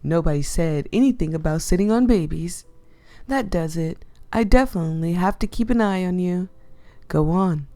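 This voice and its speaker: A woman's voice: fairly low pitch, lively intonation, normal speed, warm tone, no echo. Woman doing a smug cocky lifeguard guy. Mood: teasing. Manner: smug, teasing, self-important. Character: cocky young male lifeguard, pushy and nosy. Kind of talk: visual novel read-aloud.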